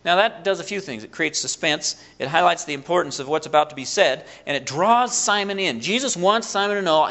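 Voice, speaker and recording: A man preaching a sermon, retelling a story in an animated way and acting out the quotes. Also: a little high, fairly quick, few pauses.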